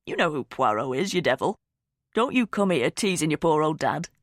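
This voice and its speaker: A woman voicing a warm, jokey older father with a soft, lowered voice. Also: big pitch swings, normal speed, dry recording, studio quality. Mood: fond. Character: warm older British dad, gentle, jokey.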